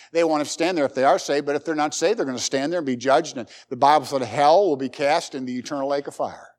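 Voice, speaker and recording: High-voiced preaching man. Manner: emphatic, rhetorical questions, folksy jokes. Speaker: pastor. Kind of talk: sermon.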